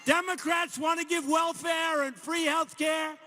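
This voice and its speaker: A man giving a rally speech in a large arena, emphatic and repetitive, with punchy phrases and key lines shouted out. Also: very high voice, steady tone, unhurried. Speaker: speaker at a political rally. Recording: arena with long reverb, faint ambience.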